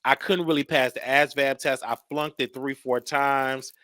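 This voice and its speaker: A young man hosting a show, telling a comedic story in an animated way and acting out the voices. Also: mid-range voice, moderate pace, no room sound. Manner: animated, acts out voices, laughs between lines. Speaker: show host.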